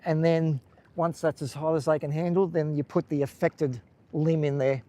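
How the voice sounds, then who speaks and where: A man's voice: fairly high pitch, fairly even intonation, moderate pace, dark tone. Chatty Australian man on a beach walk. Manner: chatty, rambling, chatting with viewers. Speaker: live-stream host. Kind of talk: casual live-stream walking commentary. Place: outdoors on a coastal beach.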